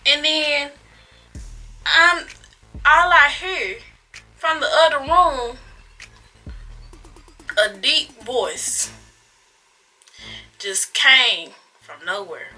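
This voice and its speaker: A woman's voice: high-pitched, extremely slow, long pauses, pushed and bright, soft background music, low-quality recording. A young woman vlogger dramatically retelling a personal story in casual slang, acting out sound effects, recorded on a phone camera. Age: young adult. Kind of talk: storytime vlog.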